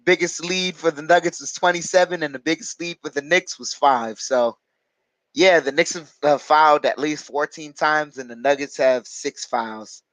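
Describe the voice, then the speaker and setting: A man's slightly high, fairly bright voice comes through at normal speed on a rough, echo-free recording. As host of a live basketball watch-along stream, he casually reads viewer comments aloud and replies, chatty and hesitant with frequent fillers.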